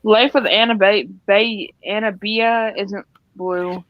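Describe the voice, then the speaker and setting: A woman co-hosting a livestream, joking and deadpan teasing. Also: medium pitch, slow pace, highs cut off. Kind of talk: casual livestream chat.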